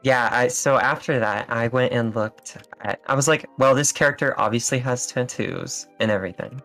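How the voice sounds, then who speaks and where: A man's voice: medium pitch, moderate pace, soft background music. Easygoing man rambling through his answers. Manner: rambling, relaxed storytelling with fillers and laughs. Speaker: guest. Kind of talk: casual interview chat.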